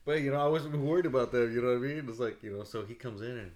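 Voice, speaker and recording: A man at a middle pitch chats loosely as a podcast host, swinging between loud bursts and low mutters. He tells rough, cursing work stories and acts out the other people's lines in his own voice. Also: very fast. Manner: profane storytelling with acted-out quotes, laughing often. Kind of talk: casual chat.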